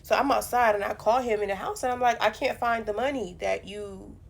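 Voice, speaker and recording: Animated, foul-mouthed young woman storyteller. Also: a little high, fairly quick, gravelly. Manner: animated, profane, punchy storytelling. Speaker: storyteller vlogger. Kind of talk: casual storytime.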